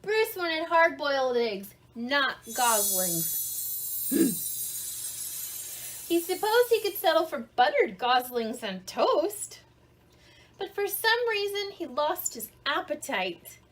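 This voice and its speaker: A woman reading a children's storybook aloud in an interactive read-along, animated, asking the listener questions and explaining words simply. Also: high-pitched, takes it slowly, pauses often.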